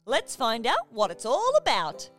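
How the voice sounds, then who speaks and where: A woman's voice: a little high, wildly swooping pitch, a little slow, music in the background. A woman co-hosting a children's storybook podcast, bubbly and sing-song. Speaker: podcast co-host.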